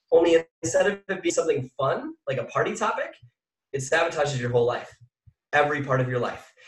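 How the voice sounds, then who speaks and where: High-pitched man, motivational speaker. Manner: energetic, asks the audience questions. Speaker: mindset speaker. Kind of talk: motivational talk to an audience. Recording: echoey room from far off.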